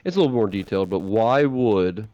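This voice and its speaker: A man's voice: on the low side, animated, a little fast, mellow, no room sound, muffled recording. A man co-hosting a casual podcast, laid-back and agreeable, often answering in short replies. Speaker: podcast co-host. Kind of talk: casual chat.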